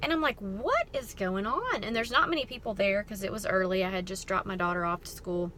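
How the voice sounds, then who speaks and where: A middle-aged woman, hosting a ministry talk and telling a story in a chatty, expressive way. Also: medium pitch, fast, slight background noise. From American South. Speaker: ministry host. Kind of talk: casual storytelling talk to camera.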